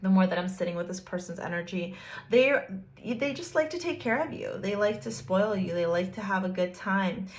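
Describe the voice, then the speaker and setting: A woman's voice: mid-range voice, moderate pace. A woman giving a casual tarot card reading, chatty and playful, talking straight to the viewer with frequent giggles. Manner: speaks directly to the viewer, teasing. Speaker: tarot reader.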